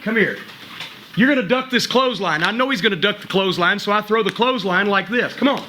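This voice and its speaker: A man's voice: high-pitched, quick pace, sharp tone, a little hiss or hum. A middle-aged man coaching wrestlers in a gym, blunt and profane, mixing advice with wry stories. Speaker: wrestling trainer giving a seminar.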